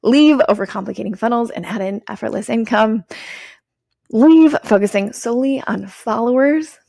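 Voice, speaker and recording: A woman hosting her own podcast, giving an energetic, swearing pep talk to her listeners. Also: on the high side, normal speed, creaky, dry recording, studio quality. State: out of breath. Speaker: podcast host and business coach. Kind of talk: solo podcast monologue.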